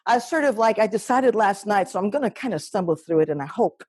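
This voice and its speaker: A woman's voice: mid-range voice, animated, darkish tone, breathy edge. A woman comedian casually setting up her next piece. She halts and restarts with plenty of fillers and pokes fun at herself along the way. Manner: halting, many fillers, self-deprecating. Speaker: solo performer and comedian. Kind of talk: casual introduction to a live-streamed performance.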